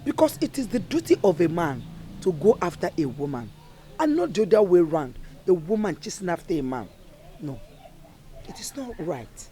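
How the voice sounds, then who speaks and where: A woman's voice: on the low side, big pitch swings, moderate pace, dark tone. An actress with a Nigerian accent playing a worried village mother who lectures and pleads earnestly. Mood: lecturing. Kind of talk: Nollywood film drama.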